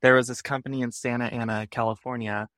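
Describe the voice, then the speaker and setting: A man's voice: medium pitch, flat delivery, fast talker, a bit bright, no echo, clean studio sound. A young adult man, a podcast guest, telling casual stories and animatedly acting out the people he quotes. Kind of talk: casual storytelling.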